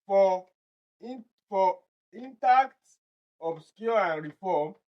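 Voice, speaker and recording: A Nigerian man with a Nigerian English accent, tutoring exam candidates and explaining answers step by step, slowly repeating each word to drill its pronunciation. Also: high-pitched, highs cut off. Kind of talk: online exam-prep lesson.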